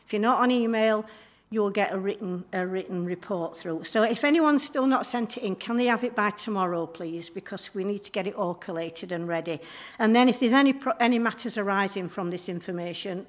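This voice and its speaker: A woman giving church notices and a talk during a service, chatty and friendly with frequent ums and throat clearing. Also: medium pitch. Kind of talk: church notices and informal sermon.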